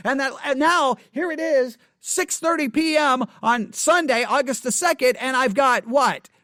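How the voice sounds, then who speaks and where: A man's voice: very high voice, a bit bright, no echo, clean studio sound. A man who teaches the Bible, talking to camera in a frustrated, repetitive rant. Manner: frustrated, ranting, repeats himself. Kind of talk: unscripted video monologue.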